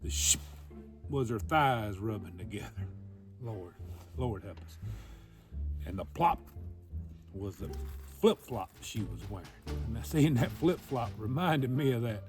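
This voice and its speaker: A man telling a funny story in a folksy, drawn-out way. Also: on the low side, expressive, over music. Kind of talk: casual storytelling.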